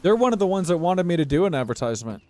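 A man's voice: high voice, big pitch swings, racing, dark tone. A young man live-streaming a game, chatting casually with viewers and swearing in exasperation. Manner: profane, exasperated banter with chat. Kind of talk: casual gameplay commentary.

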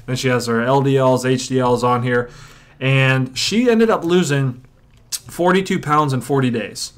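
A chiropractor teaching a workshop method, telling patient stories and acting out what patients and audience members say. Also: male voice, mid-range voice, unhurried. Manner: storytelling, acts out patients and audience. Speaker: chiropractor and coach. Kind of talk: teaching a seminar.

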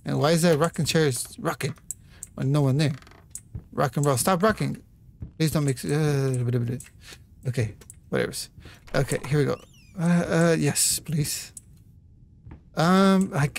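A man's voice: a little high, slight background noise. A man doing let's play commentary on a horror game, jumpy and apologetic, with nervous laughs and a lot of swearing. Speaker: gamer.

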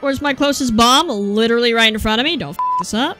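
A young woman giving excited commentary while playing a video game, yelling at the screen and muttering to herself. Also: sits high, a little fast, few pauses. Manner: animated, yelling at the game, swings from mutters to shrieks. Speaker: gameplay streamer. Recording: faint game music behind.

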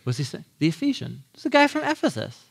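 A man in his thirties preaching a casual, animated sermon, acting out quotes in lively voices and laughing often. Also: extremely high pitch, quick pace, creaky, slightly rough. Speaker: pastor teaching a Bible series.

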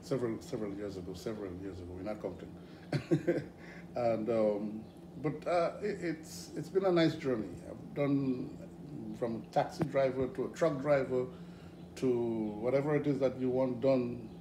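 A middle-aged man from Grenada with a Grenadian accent, guesting in a casual interview, telling stories in an animated way with frequent laughs. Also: medium pitch, normal speed. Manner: animated, hesitant with fillers, laughs often. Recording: echoey room with background noise.

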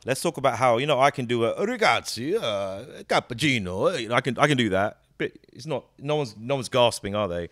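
A man, a comedian giving a casual interview, animated and jokey, swearing freely and slipping into quick character voices. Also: medium pitch, no echo, studio quality. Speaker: comedian and actor, guest.

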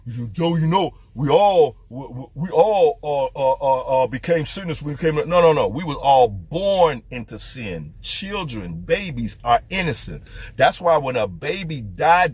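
Husky-voiced fervent male street preacher. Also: fairly high pitch, sing-song, a little slow, a little mellow, no room sound. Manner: fervent, rhetorical questions. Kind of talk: preaching to camera.

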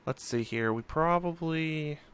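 Slow, smooth-voiced man musing aloud. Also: fairly high pitch, fairly bright tone. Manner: musing, thinking aloud with frequent fillers. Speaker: let's play host. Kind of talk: casual gameplay commentary.

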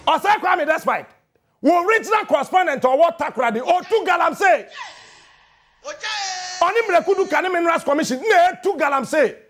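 A middle-aged man with a Ghanaian accent, a radio morning show host delivering a fiery, mocking on-air rant and often shouting in a studio. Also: very high voice, animated, a little fast.

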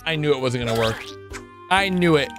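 A man hosting a reaction video, excitably narrating what he sees and laughing often. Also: medium pitch, fairly quick, music in the background. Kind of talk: casual reaction commentary.

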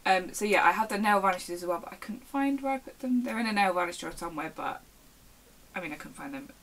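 A woman's voice: mid-range voice, expressive, fast, a bit bright, poor audio. A young woman, chatting casually to the camera at home in a rambling, self-interrupting way. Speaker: vlogger. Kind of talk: casual show-and-tell chat.

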